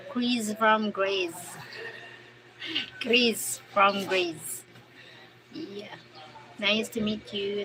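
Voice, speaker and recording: Noisy-sounding Filipino woman livestreaming. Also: medium pitch. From Philippines. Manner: switches between English and Tagalog, halting English with restarts. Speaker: livestream host. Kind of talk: casual livestream chat reading viewer comments.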